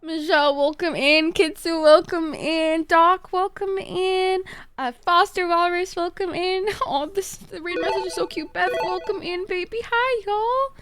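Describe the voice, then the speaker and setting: A woman's voice: extremely high pitch, fairly even intonation, measured pace, fairly bright tone, a little hiss or hum. A young woman streaming a game live, stressed, swearing and chatting with her viewers. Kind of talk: live gameplay commentary.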